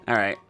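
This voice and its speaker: A player chatting casually while gaming, swearing freely and reading the game's narration aloud with dry timing. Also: pushed and bright. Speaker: video game player.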